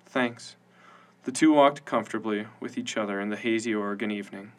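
A man narrating a science-fiction audiobook in an even, measured storytelling manner. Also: on the low side.

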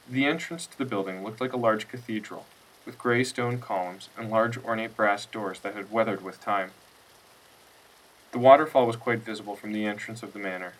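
A man narrating a scripted story in a steady, unhurried reading voice. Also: on the low side. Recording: distant mic with faint music.

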